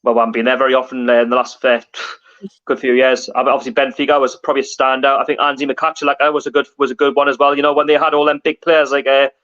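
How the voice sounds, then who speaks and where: This livestream host has a medium-pitched, somewhat bright voice with a flat, quick delivery. He chats casually with guests and reads viewer comments aloud, heard through dull lo-fi stream audio.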